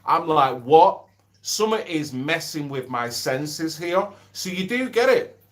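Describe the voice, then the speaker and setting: A middle-aged man talks casually on a home livestream. His voice sits a little high for a man, and he speaks bluntly and swears freely. He reads out and answers viewer comments as he goes. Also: very animated, measured pace, fairly bright tone. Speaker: livestream host.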